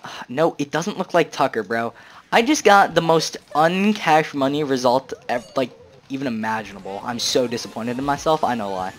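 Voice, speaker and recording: A young man hosting a casual let's-play, joking, excitable and full of slang as he comments on the game. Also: mid-range voice, moderate pace. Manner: slangy, joking, excitable, says "bro" a lot. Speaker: gaming channel host.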